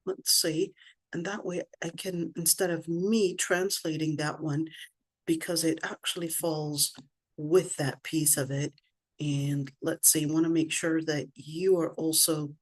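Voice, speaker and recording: A middle-aged woman teaching an online scripture lesson, thinking aloud as she works her screen and slowing down to stress her questions. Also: deep voice, steady tone. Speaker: religious teacher.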